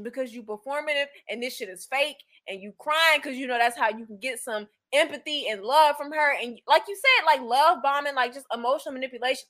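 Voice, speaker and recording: A woman's voice: high-pitched, sharp tone. A woman co-hosting a casual chat, recapping reality TV bluntly and profanely, with mocking put-on quotes. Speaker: podcast co-host.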